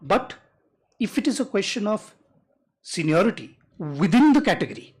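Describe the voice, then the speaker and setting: An advocate, making a measured, deliberate legal argument in a courtroom and reading rules aloud slowly. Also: medium pitch, sing-song, a little mellow, slightly rough. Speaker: advocate arguing before a judge.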